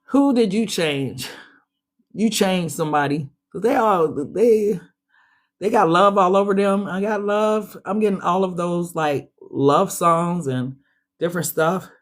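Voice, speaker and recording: Her voice lowish and a touch slow, a woman chats her way through an informal tarot reading. She uses slang, addresses her audience directly, and sounds a little congested.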